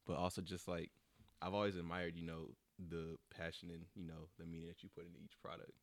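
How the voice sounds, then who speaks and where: A man's voice: deep voice, monotone, fast, dry recording. A man hosting a casual interview, laid-back and reassuring, with lots of "you know". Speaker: host.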